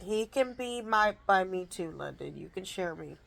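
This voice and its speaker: A woman's voice: medium pitch, expressive, normal speed, creaky, a loud crowd. A woman chatting casually into her phone camera at home, rambling through stories about the toddlers in her care, with lots of restarts. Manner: rambling storytelling with many restarts. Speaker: aunt caring for young children. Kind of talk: casual rambling vlog chat.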